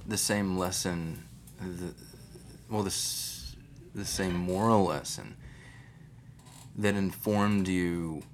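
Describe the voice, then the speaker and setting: A male podcast host who talks slowly and searches for his words, a little away from the mic. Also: sits low, a little hiss or hum. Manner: slow, searching, restarts. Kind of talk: reflective interview comment.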